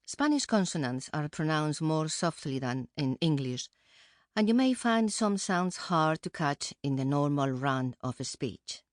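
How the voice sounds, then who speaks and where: Woman co-host of a pronunciation course, low voice, calm careful, dead dry mic. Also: measured pace, no room sound. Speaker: Spanish co-presenter. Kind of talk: scripted instructional narration. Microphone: close studio mic.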